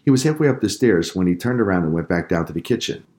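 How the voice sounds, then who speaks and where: Deep-voiced male storyteller. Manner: calm, measured storytelling. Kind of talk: children's story narration.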